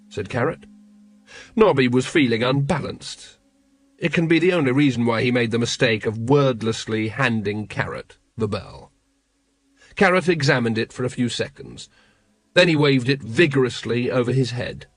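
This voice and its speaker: A man reading an audiobook in a measured, unhurried way. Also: medium pitch, lively intonation, no echo. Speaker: audiobook narrator. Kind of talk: scripted narration.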